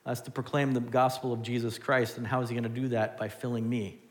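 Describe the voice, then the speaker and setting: Animated preacher man in a reverberant hall. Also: mid-range voice, quick pace. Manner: animated, swings from loud to hushed. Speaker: pastor. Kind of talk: sermon.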